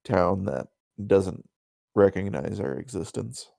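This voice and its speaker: A man's voice: low voice, lively intonation, slow, vocal fry, a little mellow, dry recording. A man playing his character in a tabletop game, casual and joking, often hesitating for words. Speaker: player. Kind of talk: in-character tabletop role-play.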